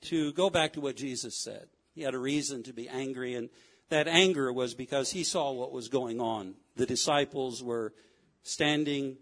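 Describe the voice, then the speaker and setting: A man preaching a sermon in a church, swinging between loud fervent cries and low quiet asides. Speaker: pastor. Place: church sanctuary.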